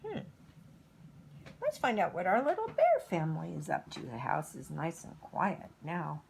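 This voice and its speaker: A middle-aged woman, a preschool teacher, slowly telling a story to toddlers. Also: lowish voice, vocal fry, a little hiss or hum. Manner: slow, expressive storytelling.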